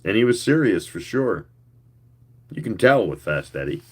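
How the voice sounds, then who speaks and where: A man giving a live reading of a story in a slow, measured storytelling manner. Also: on the low side, very animated, slightly rough. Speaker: reader.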